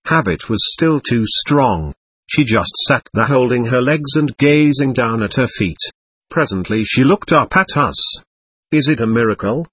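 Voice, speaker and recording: Earnest male reader, measured and solemn; husky, lively pitch, dry sound. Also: no echo. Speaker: narrator. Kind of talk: solemn reading of a spiritual text.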